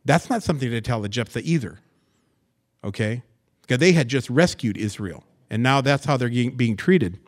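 A man from the US West Coast teaching scripture verse by verse in a relaxed, folksy way. He breaks off into plain-spoken asides and stories, his voice mid-pitched and animated. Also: moderate pace. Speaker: pastor.

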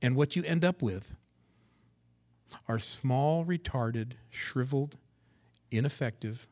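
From the pulpit of a church sanctuary, a pastor delivers a slow sermon in an ordinary middle pitch. His delivery swings sharply, rising loud and high on emphatic words, then falling low and hushed to press a point home.

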